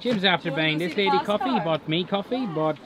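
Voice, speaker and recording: A man's voice: sits high, expressive, brisk, a loud crowd, rough recording. A young Irish man vlogging casually, joking and swearing a lot. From Ireland. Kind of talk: casual vlog chat. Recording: loud outdoor and traffic noise. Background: traffic noise.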